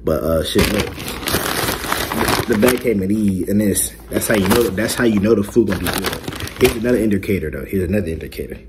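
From a bedroom glowing with colored LEDs, a young mukbang vlogger jokes and brags to his viewers in loose slang. His voice is fairly low and fairly quick, and the recording is very noisy.

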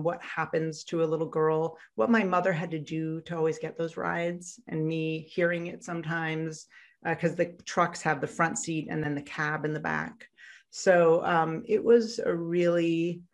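A woman guest on an interview podcast, telling a painful childhood story in a halting, reflective way with many fillers and restarts. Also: lowish voice. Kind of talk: candid personal storytelling in an interview.

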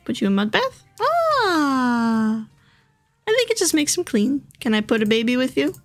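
A woman giving casual gameplay commentary, gushing and excitable, gasping and squealing at cute things. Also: high-pitched, unhurried, no room sound. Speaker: gaming video host. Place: home room. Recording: dry close sound with game music.

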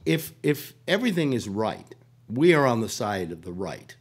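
An older man hosting a talk show, hoarse with a cold, rambling in casual talk with many restarts. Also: medium pitch, very animated, moderate pace. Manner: rambling, full of restarts and "you know". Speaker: radio talk host.

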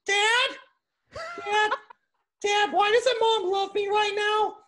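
A squeaky, pleading little son whines up at his dad in a thin, strained voice pitched far above a grown man's , as a man puts it on for a laugh. The whine is nasal and needy, every line a plea. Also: level tone, slow, sharp tone, slight background noise, full character voice. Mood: whiny. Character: whiny high-pitched young son pestering his dad.

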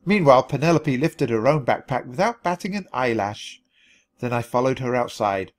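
A man reading a children's storybook aloud at natural speed for language learners, clear and expressive. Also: medium pitch, moderate pace. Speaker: storybook reader.

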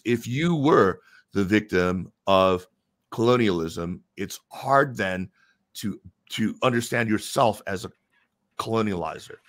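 Low-voiced man explaining, measured. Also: dry recording, studio quality. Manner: measured, explanatory, with pauses and restarts. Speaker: interview guest. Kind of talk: casual conversational interview.

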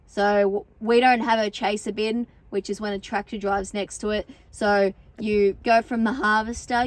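A woman's voice: fairly high pitch, poor audio. A young Australian woman farmer talking casually outdoors on her farm, chatty and wry, now and then exasperated as she calls out to the sheep. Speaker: farmer vlogger. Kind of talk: casual vlog narration.

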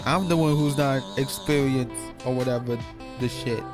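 A man's voice: medium pitch, fairly even intonation, normal speed. A man giving rambling, self-mocking gameplay commentary, swearing often. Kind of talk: casual game commentary. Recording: loud game music behind.

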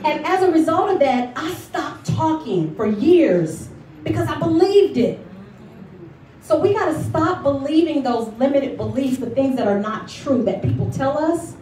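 A woman giving a lively motivational speech at a luncheon, telling her story and calling for responses from the audience. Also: high-pitched, a little slow, slight background noise. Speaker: motivational speaker. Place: event hall at a luncheon. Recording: echoey hall recorded from far off.

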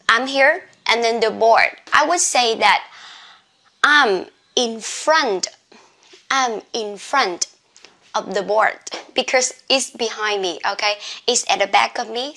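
A woman's voice: fairly high pitch, sharp tone. A woman teaching an English lesson, spelling words out letter by letter. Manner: slow, spelling out letters one by one. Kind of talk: classroom lesson. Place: classroom with a board.

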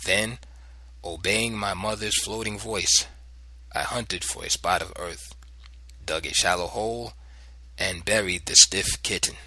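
A man reading a memoir audiobook in measured, literary narration, recorded close and dry. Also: low-pitched, fairly even intonation, bright, forceful tone, no room sound. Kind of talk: scripted narration.

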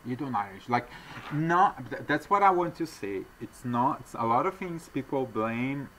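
Rambling, halting man from Argentina. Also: medium pitch, lively intonation, fairly bright tone, slight background noise. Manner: rambling, halting speech with many restarts; acts out quoted voices. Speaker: traveling salesman. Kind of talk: casual interview storytelling.

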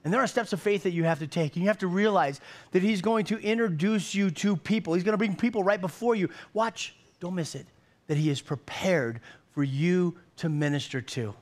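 Delivering a sermon to a congregation, a man in his fifties speaks as pastor with a voice slightly higher than the typical male voice. His manner is folksy and humorous, and he tends to circle back and repeat words on the way to each point.

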